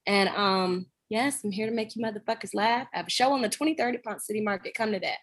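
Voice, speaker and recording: A woman's voice: medium pitch, quick pace, breathy edge. A woman comedian co-hosting a casual podcast, chatty and joking with loose asides. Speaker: comedian co-host.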